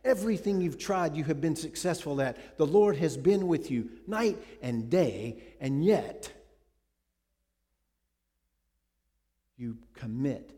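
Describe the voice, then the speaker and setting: A preacher playing a stern accusing prophet. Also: male voice, fairly high pitch, lively intonation, dark tone. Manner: slow, grave, accusing. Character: stern male prophet confronting a king.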